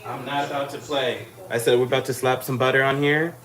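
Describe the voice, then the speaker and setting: A man's voice: mid-range voice, fairly even intonation, fairly quick, fairly bright tone. A man hosting a cooking video, chatting casually and goofily with his viewers and teasing them. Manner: playful, goofy, teasing viewers. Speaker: cooking channel host. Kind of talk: casual live chat while cooking.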